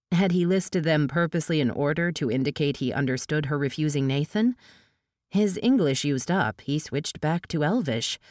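A woman reading a novel aloud as an audiobook narrator, giving the dialogue a lift in pitch. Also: animated, normal speed, a little mellow, no echo, clean studio sound.

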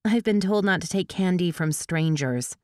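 A defiant young woman on the run, as a low-voiced narrator puts her on, sardonic and quick with a retort. The dialogue in this audiobook is read close and dry, with no echo. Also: close to an everyday voice. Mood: sulky. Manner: urgent, then sulky and sardonic.

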